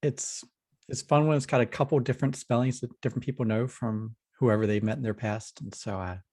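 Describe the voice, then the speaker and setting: A man's voice: mid-range voice, steady tone, brisk, a little mellow, no room sound, studio quality. A man on a video call who takes the notes, chatting casually and telling a story. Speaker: note taker.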